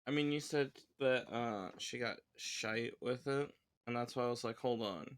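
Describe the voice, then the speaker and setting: A man's voice: medium pitch, normal speed, clear, resonant tone, dry recording. A man making blunt, wry joking remarks while a friend reads aloud. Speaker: listener friend. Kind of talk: casual joking commentary.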